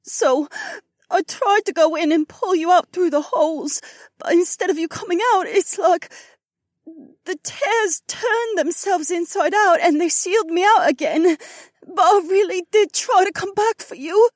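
A remorseful young witch girl, voice pushed up into a thin, teary squeak, performed by a male narrator. She pleads in a small, wavering tone, full of apology. The sound is dry and close. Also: sing-song, takes it slowly, no echo, heavily acted. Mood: tearful, pleading. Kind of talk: audiobook character voice.

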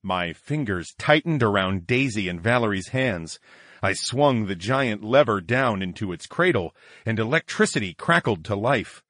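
A man's voice: on the low side, expressive, moderate pace, fairly bright tone, dry recording, studio quality. Dramatic male story narrator. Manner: dramatic, theatrical. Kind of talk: first-person story narration.

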